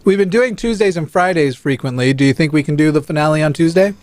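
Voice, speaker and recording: A man co-hosting a casual talk show, reading viewer chats aloud in a relaxed way. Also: a little high, fast, no room sound. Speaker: podcast co-host. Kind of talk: casual chat.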